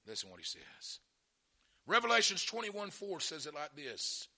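A middle-aged man preaching a sermon, telling folksy stories and swinging from quiet asides to shouted fervor. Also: a little high, sing-song, moderate pace, gravelly.

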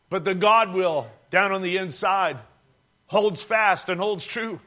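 A man's voice: sits high, slow, pushed and bright. A man preaching a sermon, telling a story dramatically and calling the congregation friends.

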